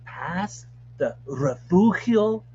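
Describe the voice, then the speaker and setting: A man co-hosting a live show, retelling a ghost story in a slow, theatrical mock-spooky voice. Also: sits high, lively intonation, dark tone, muffled recording, slight background noise. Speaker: co-host.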